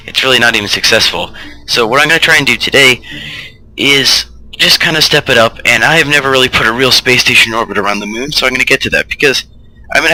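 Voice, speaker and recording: Rambling man with a bright, tense voice. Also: on the low side, slight background noise, rough recording. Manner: rambling, loose, full of asides. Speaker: let's play host. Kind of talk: casual gameplay commentary.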